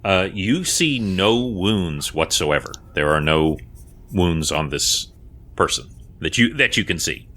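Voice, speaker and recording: A man narrating as game master in a measured way with fillers and asides. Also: low-pitched, expressive, sharp tone.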